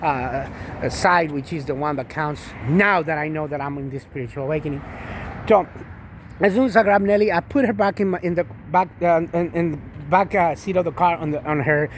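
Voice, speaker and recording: A man's voice: on the high side, a little fast, slight background noise. A man and father telling a rambling spiritual story about his daughter, with many restarts and repeated endearments. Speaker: vlogger and father.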